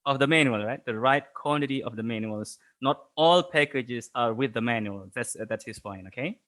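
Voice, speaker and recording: A man teaches an online English class at a mid-range pitch. He talks in a halting way, restarting phrases, and his speech is full of fillers and frequent chuckles. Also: fairly bright tone.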